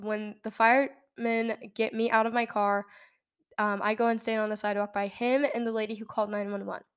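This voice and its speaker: A young woman hosting a podcast, telling a story in a casual, animated way, laughing often and acting out quoted lines. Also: a little high, fairly quick, clean tone. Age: young adult. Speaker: podcast host.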